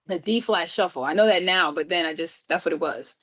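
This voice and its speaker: A woman from New York City, a guest musician, telling a story with lively acted-out dialogue. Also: fairly low pitch, fairly quick. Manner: acts out quoted dialogue with lively voices. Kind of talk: animated storytelling.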